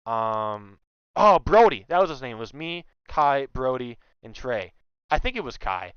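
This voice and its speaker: A young man telling a story in casual chat, animated and loudly acting out what others said. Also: mid-range voice, unhurried, clear, resonant tone, dry recording, dull audio. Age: young adult. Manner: animated, acts out quotes loudly. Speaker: guest.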